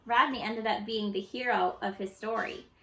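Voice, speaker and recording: Woman reading a kids book out loud, bright voice, bouncy, echoey room. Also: medium pitch, moderate pace. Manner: expressive, lively storybook reading. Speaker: storyteller. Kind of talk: reading a children's picture book aloud.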